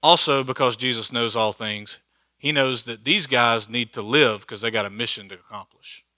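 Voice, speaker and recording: A man's voice: mid-range voice, moderate pace, bright, forceful tone, no room sound. A man teaching a church Bible study in a conversational, joking way, laughing at his own asides. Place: church hall.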